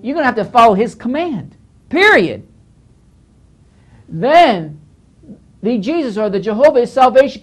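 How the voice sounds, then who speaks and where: In a Bible teaching lecture, a man who pastors speaks in an extremely high voice full of wide, lively pitch swings. Working point by point through scripture, he talks with emphasis, repeats phrases, and occasionally scolds.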